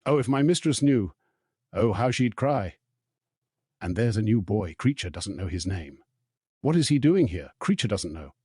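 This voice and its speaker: Man voicing a hoarse, grumbling old house elf. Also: big pitch swings, moderate pace, a little mellow, no room sound, studio quality. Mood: muttering. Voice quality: hoarse, deep, croaking. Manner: resentful grumbling under breath. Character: bitter old male house elf, muttering.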